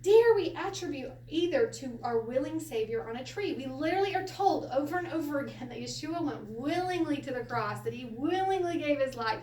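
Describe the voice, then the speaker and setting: A woman teaching a Hebrew lesson to a class, animated and quick to laugh as she acts out quotes. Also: high voice. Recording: echoey room from a distance, faint hiss.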